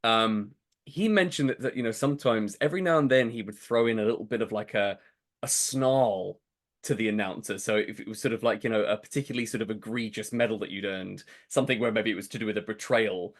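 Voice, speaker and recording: A man's voice: fairly low pitch, quick pace. A man hosting an interview podcast, asking long, meandering questions and laughing along with his guest. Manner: thoughtful, rambling questions with fillers and restarts, laughs along. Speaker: podcast host. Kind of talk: casual interview chat.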